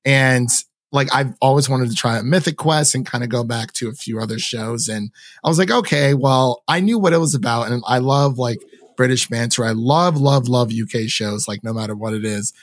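Here a man hosting a podcast talks at a moderate pace in a medium-pitched voice, enthusiastic and rambling, with plenty of "like" and quoted asides in his casual chat. The studio recording is clean and dry.

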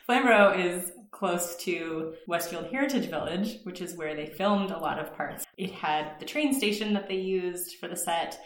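A woman's voice: on the low side, normal speed, hardly any pauses, roomy sound. A Canadian woman hosting a podcast, chatting casually and reading an enthusiastic scripted intro. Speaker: podcast host.

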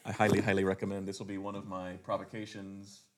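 A man's voice: deep voice, monotone, quick pace, over a noisy crowd. A man hosting a theater podcast, moving from a scripted intro to rambling casual chat with many restarts, sounding stuffy. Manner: rambling, hesitant, full of restarts. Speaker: podcast host, theater co-artistic director.

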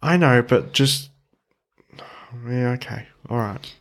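Excitable man on a podcast. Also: mid-range voice. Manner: excitable, quick to protest and mock. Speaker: podcast co-host. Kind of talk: casual film podcast chat.

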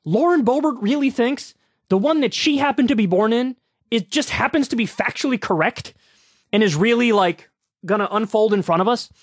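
A man hosting a political commentary show, talking casually with sarcastic, mocking, animated rants. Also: extremely high pitch, normal speed, husky, no room sound, clean studio sound.

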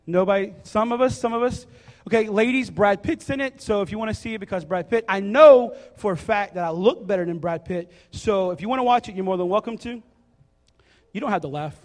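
A man preaching a sermon, joking and acting out a story in a casual, animated way. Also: sits high, a little fast. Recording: reverberant hall.

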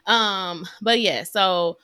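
A woman's voice: medium pitch, drawn-out words, smooth, dry recording, clean studio sound. Chatty woman in her thirties. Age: 30s. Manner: chatty and animated, with lively storytelling. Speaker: podcast co-host. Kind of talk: casual chat.

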